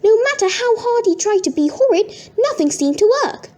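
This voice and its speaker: A woman reading a children's book aloud in an expressive, sing-song way. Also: very high-pitched, normal speed. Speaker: storybook reader.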